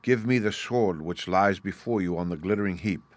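A man reading aloud as a noble young hero, speaking in a solemn, measured way. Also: low-pitched, dry recording, lightly acted. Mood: calm.

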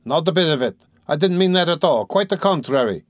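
A man voicing a blunt, excitable young male friend who speaks loudly and eagerly. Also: medium pitch, moderate pace, no room sound, clean studio sound, close to an everyday voice. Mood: excited. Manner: loud, eager, outspoken.

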